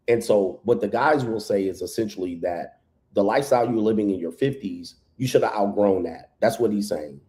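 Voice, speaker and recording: Male commentator, lower voice, mellow tone; blunt and mocking reaction talk. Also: fairly quick. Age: adult past his first marriage. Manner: blunt, mocking, swears freely.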